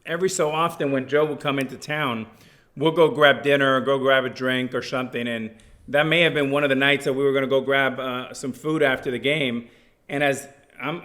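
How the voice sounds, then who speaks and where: A man's voice: mid-range voice, a bit bright. A man co-hosting a casual podcast, telling an easygoing anecdote. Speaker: podcast co-host. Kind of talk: casual chat.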